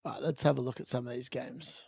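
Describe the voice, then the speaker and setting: A man giving chatty, excitable live commentary on a fantasy football watch-along stream, laughing often and correcting himself as he goes. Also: mid-range voice, fast talker, creaky, slightly rough, no room sound, clean studio sound. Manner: corrects himself mid-sentence.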